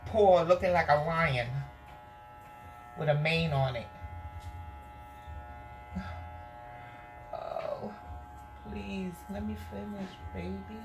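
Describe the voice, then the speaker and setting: Low-voiced woman coaxing her dog. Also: very slow, long pauses. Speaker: dog groomer vlogger. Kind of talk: casual grooming commentary and instructions. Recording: echoey room with music.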